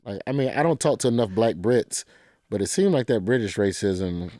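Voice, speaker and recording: A man's voice: fairly low pitch, animated, normal speed, dark tone, no echo, clean studio sound. A man who is a comedian, talking loosely and jokingly in slangy, storytelling bursts on a podcast. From American South. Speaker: comedian guest. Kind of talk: casual podcast conversation.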